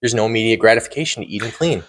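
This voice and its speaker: A man's voice: on the low side, racing. A man co-hosting a podcast, chatting casually, rambling and often checking in with "right?". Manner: rambling, repeats words and says "right?" often. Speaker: podcast co-host. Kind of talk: casual chat.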